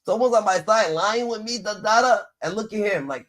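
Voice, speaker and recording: Brief: male streamer, a bit high-pitched, profane mocking rant, chant-like filler. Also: quick pace, few pauses, fairly bright tone. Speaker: streamer reacting to clips. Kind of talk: ranting reaction commentary.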